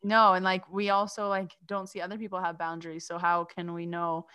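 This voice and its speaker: Lively woman in dry close-mic chat. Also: lowish voice, brisk, smooth, no echo. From Lebanese heritage. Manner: animated, breaks into loud mock-yelling. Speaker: co-host, spiritual coach. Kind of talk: casual podcast chat.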